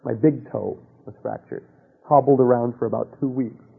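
A man preaching a sermon, telling a personal story with rhetorical questions and dropping to a hush for quoted voices. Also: mid-range voice, moderate pace, gravelly, slightly rough, narrow, tinny audio.

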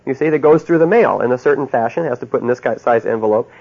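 A man's voice: medium pitch, quick pace, creaky, a little mellow, husky. A man giving a seminar talk to a live audience, telling folksy stories with little chuckles and often asking "you see?". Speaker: seminar speaker on marriage. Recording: dull lo-fi tape of a talk.

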